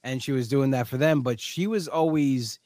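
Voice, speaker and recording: A man hosting a podcast, chatting casually and animatedly, often acting out scenes in quick put-on voices. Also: mid-range voice, a little mellow, no room sound. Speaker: podcast host. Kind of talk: casual chat.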